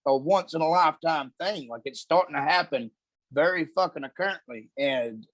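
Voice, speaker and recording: A man's voice: fairly high pitch, normal speed, dry recording. A man, a podcast guest telling a story in a laid-back, heavily profane way. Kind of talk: casual storytelling.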